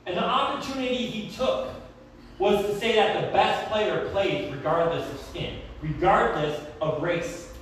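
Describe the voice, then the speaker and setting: A young man preaching a sermon in a church, telling stories in a conversational, animated way. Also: sits high, a little slow, slight background noise. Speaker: pastor. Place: church sanctuary. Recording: very echoey, from far off.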